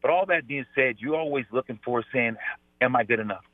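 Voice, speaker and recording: A man's voice: mid-range voice, brisk, no room sound. A man, a former pro football player, talking emphatically as a guest on a sports radio show over the phone, repeating his points. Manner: emphatic, repeats "I tell you". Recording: tinny phone line.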